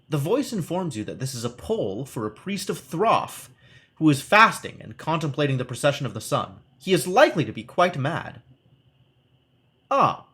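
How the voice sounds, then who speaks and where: A man's voice: a little high, fairly bright tone. A man streaming live, reading a gamebook aloud with wry asides as he plays.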